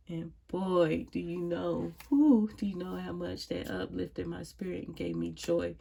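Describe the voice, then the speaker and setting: Gravelly, mellow-voiced grieving woman at home. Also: fairly low pitch, fairly even intonation, a little slow, hardly any pauses. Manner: reflective, sighing, with frequent prayerful exclamations. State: grieving, emotionally drained. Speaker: vlogger. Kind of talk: casual personal monologue to camera. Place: at home, indoors.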